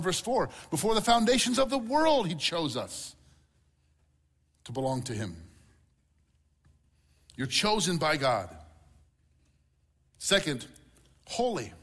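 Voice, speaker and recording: A man's voice: on the high side, fairly bright tone, husky. A middle-aged man preaching a sermon as pastor, earnest and repeating key words for emphasis.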